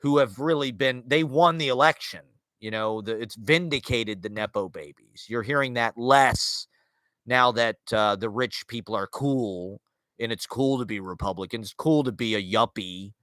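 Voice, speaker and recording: A man with a bright, forceful voice talks in a loose, wandering monologue, circling his points with fillers and restarts. The sound is dry and close, with no room around it. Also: medium pitch, moderate pace, no room sound. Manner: rambling, filler-heavy, restarts, wry asides. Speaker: podcast host. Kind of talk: casual monologue on literature and culture.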